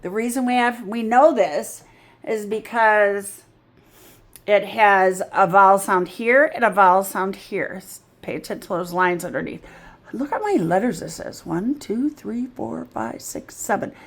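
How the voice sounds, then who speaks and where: A woman reading tutor giving a patient, drawn-out phonics lesson. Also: medium pitch.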